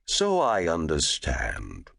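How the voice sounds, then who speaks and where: A man voicing a huge, genial angel in human form who talks in a slow, scoffing drawl. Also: rumbling low, big pitch swings, husky, no room sound, studio quality, heavily acted.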